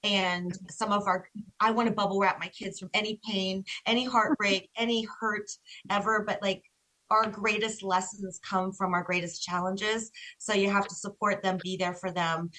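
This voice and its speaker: A woman's voice: mid-range voice, steady tone, moderate pace, pushed and bright, rough recording. A middle-aged woman, a mother of adult children, giving reflective parenting advice as a podcast guest. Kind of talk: casual podcast chat.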